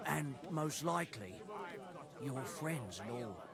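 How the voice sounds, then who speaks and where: A man's voice: mid-range voice, expressive, slow, creaky, a crowd in the background. A man playing a chatty, folksy innkeeper passing on grim news in a game. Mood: gossipy. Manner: chatty, colloquial folksy speech. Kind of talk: game dialogue.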